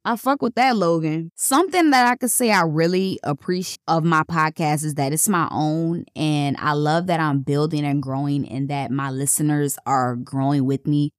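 A woman's voice: normal speed, few pauses, dry recording, clean studio sound. Blunt, profane young woman podcaster. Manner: profane, blunt and chatty, pitch jumping up when excited. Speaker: podcast host. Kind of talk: casual solo podcast chat.

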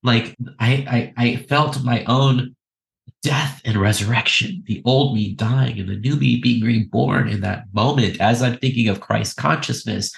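A podcast guest, a man, telling a personal story in an emotional, halting way, often repeating words and laughing between phrases. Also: mid-range voice, gravelly, rough recording.

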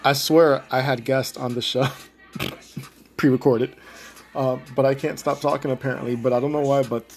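A man's voice: medium pitch, darkish tone. A young man hosting his own podcast, chatting casually, rambling off script, swearing and laughing often. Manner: laughs a lot, rambling and profane. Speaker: podcast host. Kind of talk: casual solo podcast chat.

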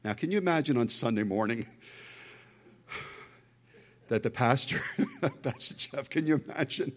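A man's voice: medium pitch, big pitch swings, moderate pace, long pauses, a bit bright. A middle-aged man preaching a sermon as a pastor, emphatic and full of storytelling asides.

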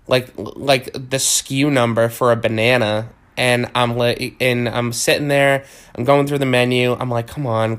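A man's voice: mid-range voice, fairly bright tone. A man hosting a comedy podcast, delivering a profane, exasperated rant monologue. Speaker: podcast host.

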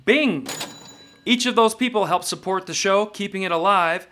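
A man's voice: high-pitched, fairly quick, bright, forceful tone, slight background noise. A man hosting a live-stream show, talking to viewers in an emphatic, opinionated way.

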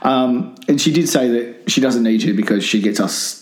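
A man's voice: mid-range voice, moderate pace. A man around fifty co-hosting a casual podcast, joking and rambling with frequent laughs. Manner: jokey, rambling, laughs often. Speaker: podcast co-host. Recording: roomy echo.

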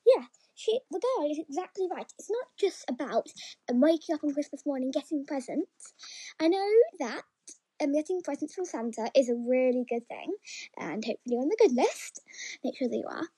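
A woman reading a children's picture book aloud, chatty and encouraging, with frequent ums and stumbles as she pauses to ask the listeners questions. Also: high voice, animated, warm tone, poor audio. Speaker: story reader for young children.

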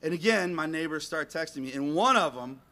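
A man telling an animated personal story to an audience in a rambling, self-mocking way, acting out bits of dialogue. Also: a little high, a little fast, noisy background.

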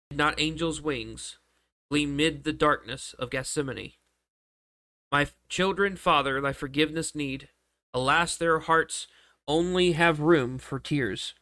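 A man reads a sorrowful prayer-poem aloud at a very unhurried, deliberate pace. His voice sits slightly high for a man, and he sometimes trips over a word and starts the phrase again. The recording is dry and close, with no room sound. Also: sharp tone, no echo. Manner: slow, mournful reading with occasional slips and restarts. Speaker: reader. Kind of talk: solemn poetry recitation.

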